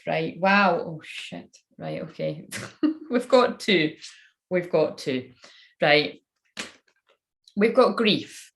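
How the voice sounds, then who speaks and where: A chatty woman with a lowish, gravelly voice runs a casual live-stream card reading. She rambles and keeps breaking off mid-thought as she talks. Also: fairly bright tone. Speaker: oracle card reader and spiritual counsellor.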